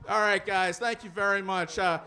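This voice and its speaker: A man's voice: high-pitched, fairly even intonation, moderate pace, bright, forceful tone, a little hiss or hum. A young man doing a stand-up comedy set, rambling with plenty of fillers and restarts. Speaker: stand-up comic.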